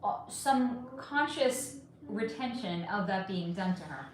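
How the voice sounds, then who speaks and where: A woman's voice: mid-range voice, expressive, slow pace, a little hiss or hum. A woman hosting a casual livestream, reading chat questions aloud and answering frankly, swearing freely and trailing off with fillers while she puts on makeup at home. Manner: putting on makeup while talking. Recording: very echoey room.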